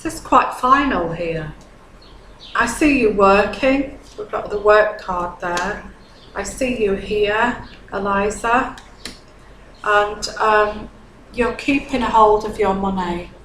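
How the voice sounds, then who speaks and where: A woman's voice: medium pitch, takes it slowly, fairly bright tone, echoey room, a little hiss or hum, low-quality recording. A woman giving a tarot reading to a viewer, earnest and consoling, often checking in with "okay?". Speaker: tarot reader.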